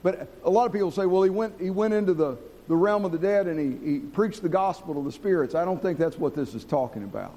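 Earnest preacher guy, highish mellow voice, long church hall reverb. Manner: earnest, slows and drops low for emphasis. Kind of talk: sermon.

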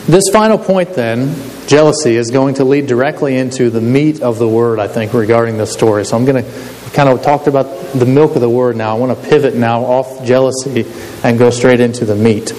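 A man's voice: mid-range voice, a little fast, warm tone. A man preaching a sermon in a conversational way, often asking his listeners to agree. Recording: long hall reverb with faint hiss.

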